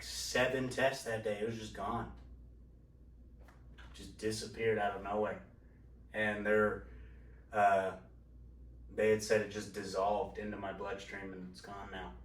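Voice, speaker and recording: A man's voice: fairly low pitch, recorded from a distance. A man hosting a casual podcast, telling a long personal story in a candid, profane, rambling way. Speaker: podcast host. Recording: roomy sound from off-mic.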